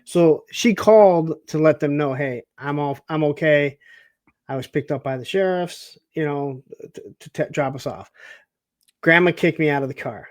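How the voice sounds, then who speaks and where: A man from the Detroit suburbs co-hosting a casual TV recap, telling the story in an animated way and acting out the characters' lines. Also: on the high side, normal speed, no echo. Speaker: podcast co-host.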